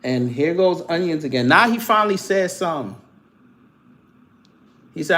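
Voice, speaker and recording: A man's voice: a little high, expressive, moderate pace, pushed and bright. Dude on a livestream roasting his chat, vernacular american accent, talking politics casual. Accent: African American Vernacular English. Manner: mocking, trash-talking commenters, laughing. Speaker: livestream host.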